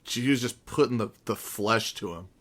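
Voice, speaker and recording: A man's voice: fairly low pitch, normal speed, a bit bright. A man hosting a podcast, chatty and wry, laughing often. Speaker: podcast host. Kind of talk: casual podcast chat.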